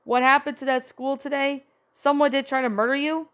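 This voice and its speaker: A woman's voice: high-pitched, steady tone, fairly quick, a bit bright, pitched above the performer's own voice. A woman voicing a cheerful young kitten. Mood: worried.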